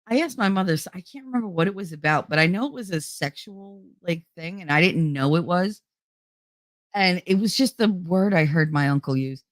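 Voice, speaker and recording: Animated woman telling family stories. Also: on the low side, brisk, no echo. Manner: animated, acts out relatives' voices, laughs often. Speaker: livestream host. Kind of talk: casual storytelling chat.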